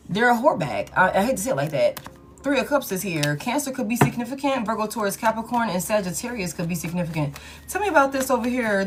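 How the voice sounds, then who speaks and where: A woman with a fairly low voice hosts a live tarot reading. She talks loosely and profanely, chatting straight to her viewers between the cards. Faint music plays underneath her voice. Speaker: tarot reader.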